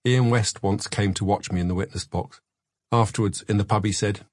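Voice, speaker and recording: A man narrating his memoir as a scripted audiobook, measured and matter-of-fact. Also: lowish voice, a little mellow, breathy edge, no room sound, studio quality.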